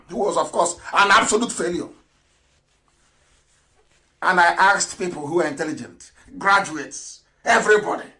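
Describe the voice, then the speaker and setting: A man hosting an impassioned political broadcast, swinging between loud declarations and low asides and laughing often. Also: low-quality recording. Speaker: broadcast host.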